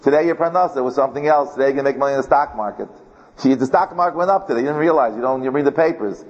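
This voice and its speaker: A man's voice: mid-range voice, rapid-fire. A man teaching a Torah class as a rabbi, telling a personal story in a chatty way, often repeating words and chuckling. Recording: dull recording in a reverberant hall.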